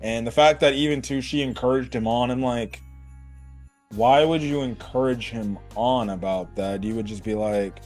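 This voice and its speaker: Casual male reviewer, mid-pitched, chatty, rambling, lots of filler words, faint music underneath. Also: moderate pace. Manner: rambling, full of "like" and "you know"; animated, jumps between high and low pitch. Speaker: anime reviewer.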